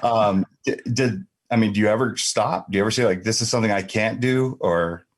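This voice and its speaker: A man in his forties hosts a podcast in a low, deep voice. He muses on his own experience and feels his way into questions in a halting, reflective manner. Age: 40s. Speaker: podcast host. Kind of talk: casual podcast conversation.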